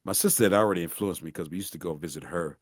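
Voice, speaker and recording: A middle-aged man from St. Louis with a deep voice, telling animated stories as a guest voice actor in a casual interview. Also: racing, dry recording, studio quality. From St. Louis, USA. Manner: animated, acts out voices in anecdotes.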